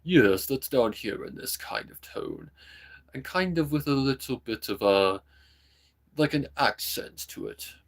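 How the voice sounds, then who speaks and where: A man doing a slow sinister villain. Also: mid-range voice, big pitch swings, creaky, voice pushed up, exaggerated voice. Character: sinister deep-voiced villain with a slight accent. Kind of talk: demonstrating a character voice on a livestream.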